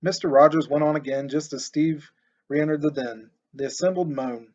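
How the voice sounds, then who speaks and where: A man narrating an audiobook in a steady, expressive storytelling voice. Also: fairly high pitch, moderate pace. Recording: muffled lo-fi recording.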